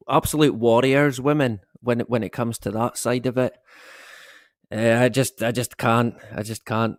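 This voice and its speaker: Male stream host at home, unhurried and chatty, dry close sound, rambling easy talk. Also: medium pitch, clean tone, no echo. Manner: rambling, chatty, greets viewers, chuckles often. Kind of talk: casual live-stream chat. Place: at home, dog snoring behind him.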